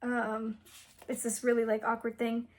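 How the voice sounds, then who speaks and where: A woman's voice: fairly high pitch, monotone, a little slow. A young woman casually retelling a book's plot, rambling with lots of fillers and giggles. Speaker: book reviewer.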